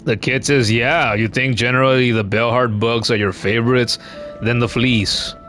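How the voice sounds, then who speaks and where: A man's voice: mid-range voice, steady tone, normal speed, fairly bright tone, faint music behind. A man giving casual, chatty commentary while streaming a game, cursing now and then and reading chat comments aloud.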